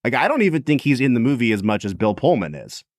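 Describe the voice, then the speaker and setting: A man co-hosts a podcast, talking casually and very animatedly about a film with lots of filler "like." His voice is mid-range and quick-paced, with clean studio sound and no room sound.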